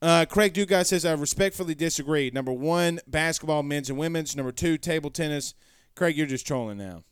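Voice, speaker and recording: A man's voice: on the high side, brisk, smooth, no echo. A man hosting a sports stream, reading viewer comments in a rambling, folksy way and correcting himself often. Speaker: sports show host. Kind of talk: casual live-stream chat reading comments.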